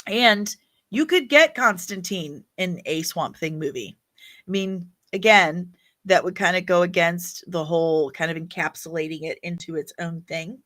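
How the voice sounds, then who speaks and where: A woman's voice: on the low side, moderate pace, fairly bright tone. A woman hosting a casual livestream, chatty and opinionated as she reacts to viewer comments. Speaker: livestream host reading chat.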